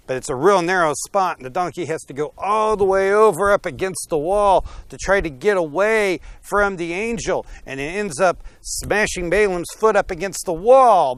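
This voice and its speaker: A male storyteller recounts a Bible story in a relaxed, conversational manner. His voice sits a touch higher than average. The recording is close and dry, with no room sound. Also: clean tone, no room sound.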